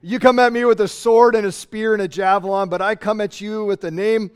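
A man's voice: sits high, fairly even intonation, brisk, smooth, close to an everyday voice. A man voicing a young shepherd boy whose voice has not yet changed, answering back defiantly. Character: small shepherd boy with unbroken voice.

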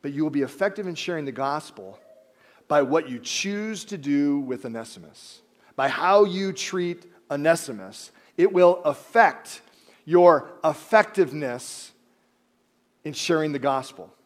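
A man preaching a sermon, animated, acting out biblical characters and dropping to quiet emphasis. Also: a little high, measured pace. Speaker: pastor.

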